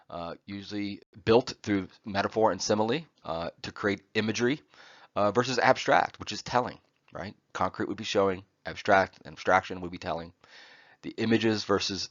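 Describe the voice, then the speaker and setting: A man's voice: fairly low pitch, brisk, fairly bright tone, no room sound. A man lecturing a college class on poetry, with many "uh" fillers and a habit of asking "right?". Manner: frequent "uh" fillers and tag "right?". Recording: dull, dry lo-fi recording.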